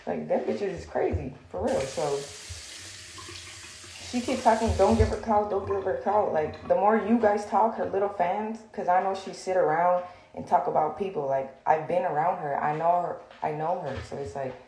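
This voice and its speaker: Heated woman livestreamer, confrontational rant, lower voice, roomy phone sound. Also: normal speed, mellow, slight background noise. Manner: heated, confrontational, lots of fillers. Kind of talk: venting on a livestream.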